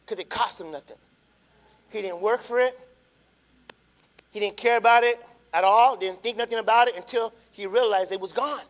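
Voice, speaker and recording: A man in his thirties, a pastor preaching a sermon, telling a family story and swinging from quiet asides to loud rising appeals. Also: high voice, moderate pace, long pauses.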